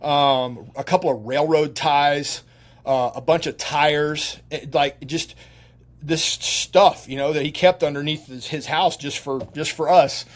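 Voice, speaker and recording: A middle-aged male veteran telling stories as an interview guest, animated and rambling, full of fillers and restarts. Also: a little high, a little slow. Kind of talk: casual storytelling interview.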